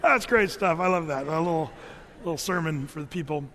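A man preaching a sermon, telling Bible stories in an animated, folksy way with casual asides. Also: fairly high pitch, brisk, long reverb tail. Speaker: pastor.

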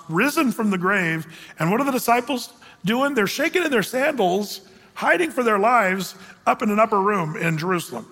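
A male pastor with a high, sharp voice teaches a sermon verse by verse, and the audio has a big-room sound. He talks conversationally, asks his congregation questions, and reads scripture aloud.

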